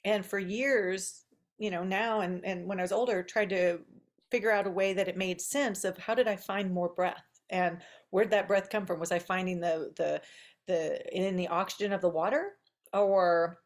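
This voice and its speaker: A woman's voice: lowish voice, steady tone, moderate pace. A woman hosting a podcast, telling a childhood story in casual chat, chatty and given to laughing and trailing asides. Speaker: podcast host.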